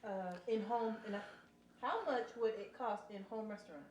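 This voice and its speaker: A woman's voice: on the high side, moderate pace, darkish tone, dull audio, slight background noise. A woman tasting food and reading viewer comments on a home cooking vlog, giggly and enthusiastic. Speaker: host's wife, taste tester. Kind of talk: casual chat, reading comments.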